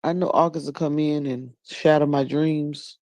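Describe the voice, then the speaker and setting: A woman chatting casually, telling a funny story and throwing her voice high to quote others. Her tone is warm and dark, and the sound is dry and close with no room around it. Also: normal speed, no room sound. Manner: animated storyteller, laughs often, jumps into high voices for quotes. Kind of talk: casual chat.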